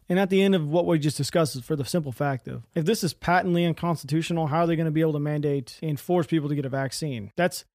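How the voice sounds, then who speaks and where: A man talks through his own political podcast at a rapid clip, his voice sitting slightly high for a man. He is blunt and heated, swearing freely and restarting sentences as he rambles. The sound is close and dry, with no room around it. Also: darkish tone, no echo. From United States. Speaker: podcast host. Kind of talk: solo political commentary podcast.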